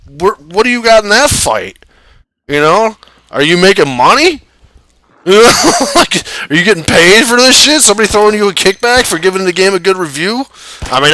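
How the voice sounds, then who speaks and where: A man's voice: on the high side, sharp tone, clean tone, no room sound. A man giving rambling, profane commentary while he plays a survival game, laughing often. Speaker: streamer playing a survival game. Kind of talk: casual gameplay commentary.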